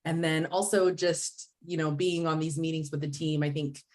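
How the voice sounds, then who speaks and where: Low-voiced woman on a video call. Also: steady tone, normal speed, a little mellow. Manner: candid, chatty, self-deprecating. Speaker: real estate agent. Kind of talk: casual video call update.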